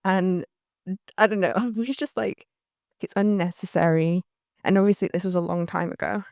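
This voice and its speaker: A woman's voice: on the low side, steady tone, normal speed, vocal fry, darkish tone, no room sound, clean studio sound. Chatty woman, light northern English accent. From Northern England. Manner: chatty, rambling, laughs often, many "like" fillers. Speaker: photographer recalling her career. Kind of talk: candid anecdotal monologue.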